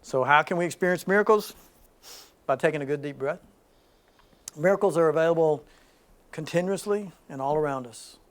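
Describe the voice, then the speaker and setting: A man speaks to a small spiritual gathering in a high voice. He leans hard on some lines and drops to a near-hush on others, laughing now and then between points. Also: moderate pace, long pauses. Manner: dynamic, swings from loud emphasis to soft hushed speech. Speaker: spiritual group leader. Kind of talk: spiritual talk to a small group.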